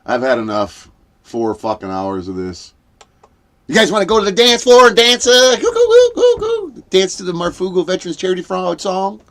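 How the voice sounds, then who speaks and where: A man's voice: sits high, animated, moderate pace, fairly bright tone. Rambling crude older man streaming late. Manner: crude, cackling and rambling, swearing often. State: punch-drunk from staying up late. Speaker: livestream host. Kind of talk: late-night livestream chat.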